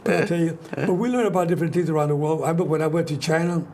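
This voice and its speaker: A man's voice: a little high, fast talker, darkish tone, a little hiss or hum. An older man from New York hosting a talk show, telling rambling stories with many restarts. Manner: rambling, restarts often, storytelling. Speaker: host. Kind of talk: casual chat.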